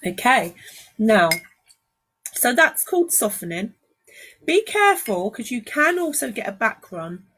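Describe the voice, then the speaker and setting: A woman's voice: a little high, sing-song, unhurried, pauses often, fairly bright tone, slight background noise. A woman with a London accent giving a live watercolour painting lesson, chatting and greeting viewers as she works. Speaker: watercolour art teacher. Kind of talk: live-streamed painting demonstration. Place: art studio.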